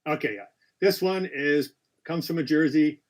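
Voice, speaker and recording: A man's voice: on the high side, moderate pace. A man hosting a live-stream quiz, reading out questions with chatty, apologetic asides and frequent self-corrections. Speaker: quiz host.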